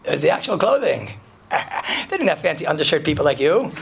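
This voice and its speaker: A man, a rabbi, giving a casual Torah lesson to students. He tells animated stories, often laughs, and mixes in Hebrew and Yiddish terms. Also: on the high side, brisk, gravelly, husky.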